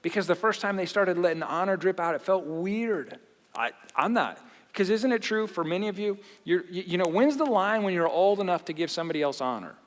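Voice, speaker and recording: A man preaching a sermon in a church, animated, often repeating and restarting his phrases. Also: high voice, brisk. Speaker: pastor. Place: church auditorium. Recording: long reverb of a large hall.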